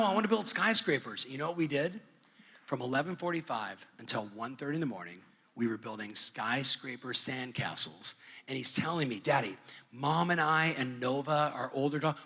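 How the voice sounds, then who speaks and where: A middle-aged man telling a story from a conference stage, playing out both sides of the conversation. His voice sits a little high and sounds bright and forceful. The big hall gives it a long, ringing echo. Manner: animated storyteller acting out family dialogue. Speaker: conference speaker. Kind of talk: storytelling keynote.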